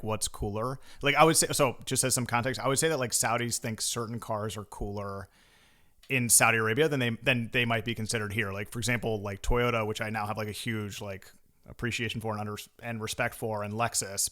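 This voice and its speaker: A man's voice: lowish voice, steady tone, a little fast, bright, forceful tone. A man co-hosting a podcast in casual chat, rambling and laughing easily as he talks. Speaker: podcast co-host.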